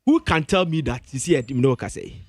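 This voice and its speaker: Ghanaian man, high voice, swooping lively delivery, emphatic radio debate, dry studio mic. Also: fast, no echo. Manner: emphatic, insistent, repeats himself to hold the floor. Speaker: radio studio guest, music pundit. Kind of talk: heated entertainment-show debate.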